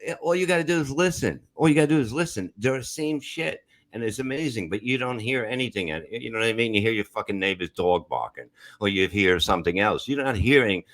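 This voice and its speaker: A man's voice: fairly low pitch, fairly bright tone. A man on a comedy podcast, rambling through casual banter, swearing constantly and repeating "you know what I mean". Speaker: podcast co-host.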